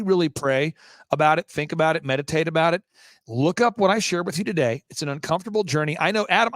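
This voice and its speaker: A man talking as a guest on a live talk show, emphatic and rapid-fire, throwing out rhetorical questions. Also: high-pitched, fairly bright tone, no room sound, studio quality.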